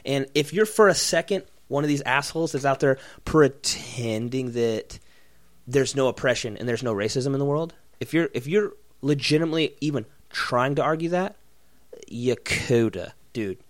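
A man's voice: mid-range voice, moderate pace. A man co-hosting a casual podcast, ranting in a profane, mocking way and acting out other people's voices. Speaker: podcast co-host. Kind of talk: profane comedic rant.

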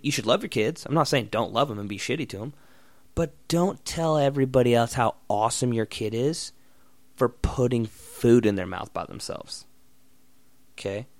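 A man's voice: medium pitch, dry recording. A young man hosting a solo podcast, ranting bluntly and sarcastically with lots of swearing. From Oregon. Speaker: podcast host.

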